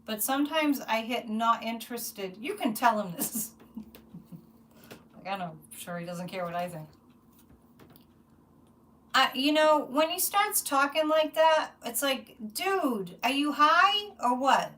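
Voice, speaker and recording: Chatty high-voiced woman livestream host. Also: unhurried, long pauses, recorded from a distance. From United States. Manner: animated, chatty, rambling with restarts. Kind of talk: casual livestream chat.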